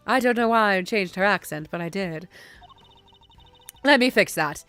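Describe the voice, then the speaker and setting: A woman streamer chatting casually over a game, blunt and quick to swear. Her pitch moves around a lot as she talks. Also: expressive, fairly bright tone, clear, resonant tone, faint music behind.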